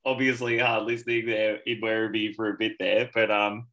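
Australian man, podcast host, upbeat chatty banter, bright forceful tone. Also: fairly low pitch, level tone, brisk. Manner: upbeat, chatty, laughs easily.

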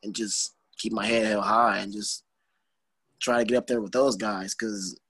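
A young man, a wrestler guest, talking in a rambling, filler-heavy, excitable way in an interview. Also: fairly low pitch, a little slow, husky, no room sound. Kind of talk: casual interview.

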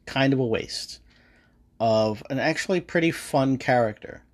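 A man's voice: mid-range voice, a little slow. A man hosting a podcast and giving a casual, rambling movie review, full of swearing and hesitant fillers. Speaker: podcast host.

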